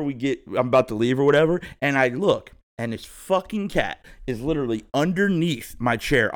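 A man in his thirties, a podcast host, telling a rambling, profane story in a laid-back way. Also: mid-range voice. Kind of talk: casual storytelling monologue.

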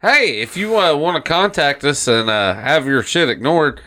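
A man's voice: lively intonation, normal speed, pushed and bright. A middle-aged man co-hosting a podcast, chatting casually with lots of swearing and rambling retellings. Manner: profane, rambling, acts out cartoon quotes in silly high voices. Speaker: podcast co-host. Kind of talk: casual chat.

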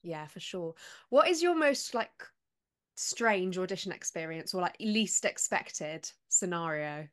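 A woman hosting a podcast interview, chatting casually and encouraging her guest with quick praise. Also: lowish voice, animated, a bit bright. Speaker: podcast host.

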